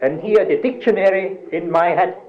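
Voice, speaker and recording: An older man from Russia with a German-Russian accent, whose first language is a Black Sea German dialect, speaking halting English with many pauses in an oral-history interview. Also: sits high. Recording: dull lo-fi recording, faint hiss.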